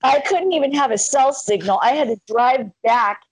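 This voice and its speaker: Animated, foul-mouthed woman storyteller. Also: high voice, moderate pace, husky, no echo, poor audio. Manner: animated storyteller, swears freely, acts out quoted voices. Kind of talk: casual chat. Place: lives in Arizona.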